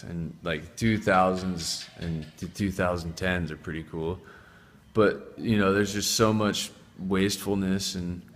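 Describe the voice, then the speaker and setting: A man hosting a casual vlog in a home workshop, rambling and swearing as he jumps between topics. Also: sits low. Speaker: channel host. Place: home workshop showing tools. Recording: long reverb.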